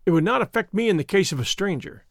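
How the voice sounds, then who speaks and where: A man reading a classic detective story aloud in first-person audiobook narration, measured and expressive. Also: sits high, no room sound, clean studio sound.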